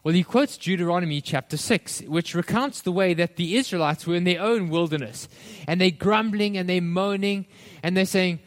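Animated preaching man, fairly high voice. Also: moderate pace. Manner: addresses listeners as friends. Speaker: pastor. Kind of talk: sermon.

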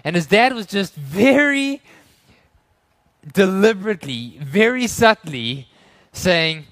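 A male preacher delivering a sermon in church. His voice sits a little higher than most men's. He talks earnestly, building to emphatic runs and then dropping low and quiet. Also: very animated, slow.

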